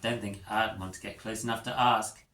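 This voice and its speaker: A man's voice: on the low side, steady tone, brisk, sharp tone. A man voicing a wary, matter-of-fact schoolboy classmate in a story. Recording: echoey room.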